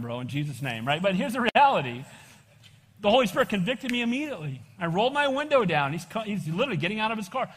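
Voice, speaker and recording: A man pastor preaching a sermon, animated and casual, calling for amens and calling people "bro". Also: high-pitched, fast talker, a little hiss or hum. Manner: casual slang, says "bro". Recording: long reverb of a church hall.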